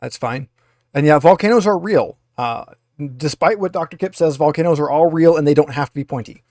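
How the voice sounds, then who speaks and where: Game master, male, a touch high voice, dry close sound, loose and rambling delivery. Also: a little fast, darkish tone, no room sound. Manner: rambling, many filler uhs. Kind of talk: narrating a tabletop game over a video call.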